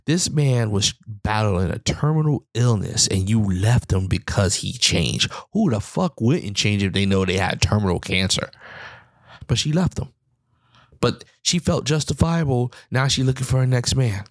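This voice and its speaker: A low, gravelly man's voice delivers a heated, rambling podcast monologue, circling back and repeating his points. The sound is dry and close, with no room around it. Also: lively intonation, measured pace, no echo. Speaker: podcast host. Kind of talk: casual opinion monologue.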